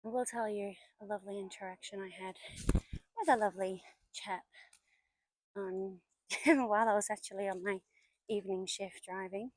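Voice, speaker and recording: A woman's voice: mid-range voice, steady tone, moderate pace, long pauses, no echo, rough recording. Chatty woman in her forties, dry sound. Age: 40s. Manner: chatty and storytelling, now and then dropping to a whisper. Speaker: vlogger. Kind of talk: casual walking vlog narration. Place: outdoors in woodland.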